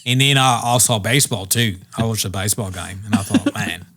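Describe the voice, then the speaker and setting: A man's voice: fairly low pitch, brisk, fairly bright tone. A young man from Virginia, casually telling rambling comic stories on a podcast and acting out the people he quotes. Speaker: podcast co-host. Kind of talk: casual comedy podcast chat.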